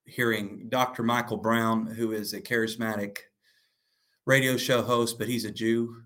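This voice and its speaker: A man hosting a religious discussion show, telling stories and asking questions in a relaxed way with plenty of fillers. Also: medium pitch, unhurried.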